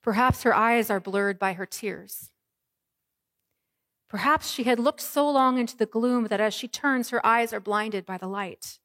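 A woman pastor preaching an Easter sermon, moving from hushed, soft lines to ringing proclamations. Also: a little high, unhurried, dry recording, clean studio sound.

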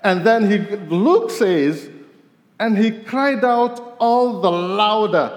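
A man preaching a sermon as pastor, his voice rising to stress points and falling low at the end of each. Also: slow. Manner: animated, voice rising for emphasis and dropping low at ends of points. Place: church sanctuary. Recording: long reverb of a large hall.

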